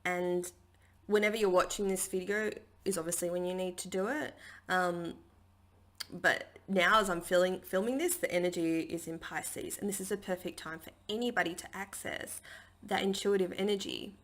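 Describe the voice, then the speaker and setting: A woman's voice: fairly low pitch, normal speed, a bit bright. A woman giving a casual spiritual healing talk from her dining table at home, chatty and rambling with lots of fillers. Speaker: spiritual healer and channelling teacher.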